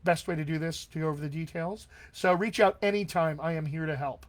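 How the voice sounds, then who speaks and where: A man's voice: a little high, a little fast. A man working as a dialect coach, answering viewer questions in a live online session in an upbeat, encouraging way and often checking in with his listeners.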